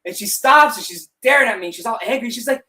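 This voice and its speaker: A man co-hosting a casual podcast, spinning animated stories full of swearing. He laughs through his own punchlines and speaks into a studio podcast mic. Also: extremely high pitch, fast talker. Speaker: podcast co-host. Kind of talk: casual chat.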